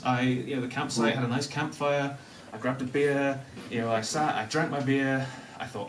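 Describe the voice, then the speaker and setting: A young man from Newcastle with a softened Northern English accent, telling a self-deprecating personal story to a live audience, often laughing as he talks. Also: medium pitch, normal speed, hardly any pauses, noisy background. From Newcastle, North of England. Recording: echoey room, mic at a distance.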